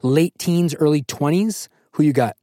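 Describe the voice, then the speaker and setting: A playful, excitable man leads a casual podcast chat from a booth. His voice sits a little high, and the sound is dry and close, with no room around it. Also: measured pace, no echo. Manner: playful, excitable, runs the segments. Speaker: podcast host.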